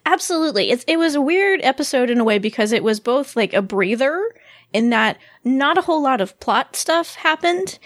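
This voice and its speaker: A woman co-hosting a podcast in casual chat, animated and laughing often as she talks. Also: high voice, moderate pace, dry recording, studio quality. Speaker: podcast co-host.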